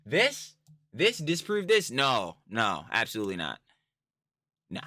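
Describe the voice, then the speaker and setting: Bright-voiced man ranting casually. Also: mid-range voice, wildly swooping pitch, measured pace, dry recording. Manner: profane, rambling, slangy rant. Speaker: commentary YouTuber. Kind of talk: casual reaction commentary.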